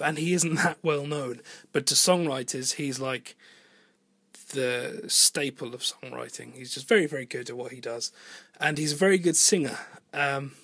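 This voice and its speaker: A man's voice: mid-range voice, fairly bright tone, no room sound. A man, a singer-songwriter, talking casually about making his album, thinking aloud, rambling and swearing now and then. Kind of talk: casual spoken monologue about album production. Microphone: home voice recording.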